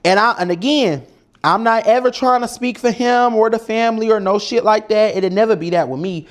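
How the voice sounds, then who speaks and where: A man's voice: high voice, a little fast. A man from Detroit hosting a casual cooking show, talking bluntly and swearing a lot, muttering to himself at the stove. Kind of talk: casual talk while cooking. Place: home kitchen.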